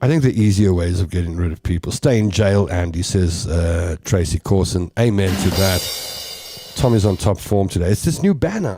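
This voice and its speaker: Lively South African radio host. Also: male voice, lowish voice, moderate pace, no echo. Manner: animated, jokey, breaks into voices and laughter; mixes English with Afrikaans. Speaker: radio talk show host. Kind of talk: comedic talk radio banter.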